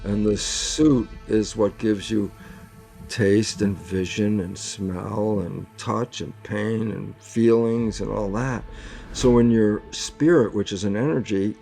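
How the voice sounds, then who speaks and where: An older man, a biologist guest in an interview, talks earnestly and emphatically, acting out small quoted exchanges as he goes in animated interview talk. His voice is fairly low and mellow, with vocal fry.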